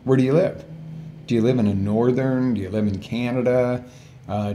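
A man's voice: medium pitch, mellow, slight background noise. A man hosting a live health coaching show, chatty, peppering the viewers with questions and correcting himself as he goes. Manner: chatty, asks the audience many questions, self-corrects. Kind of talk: casual live-stream talk.

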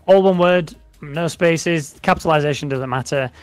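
A man's voice: on the high side, normal speed, clear, resonant tone, no echo, faint music behind. Chatty British man streaming a game. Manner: chatty, joking, repeats giveaway instructions. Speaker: streamer co-host. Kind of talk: live gameplay stream chat.

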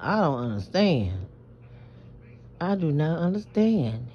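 A woman's voice: low-pitched, big pitch swings, slow, a little hiss or hum. Brief: woman from New Orleans, stammering confessional vlog, lo-fi phone sound. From Southern US, New Orleans. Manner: rambling, stammering, emphatic, swears freely. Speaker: vlogger. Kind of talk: late-night confessional vlog. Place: in bed at night. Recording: muffled lo-fi phone audio.

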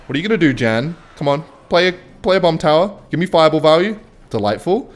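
A man's voice: fairly high pitch, sing-song, quick pace. A young man giving casual, rambling commentary over a mobile strategy game while telling a story about his neighbor. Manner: chatty, rambling, switches between game calls and anecdote. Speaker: gaming video creator.

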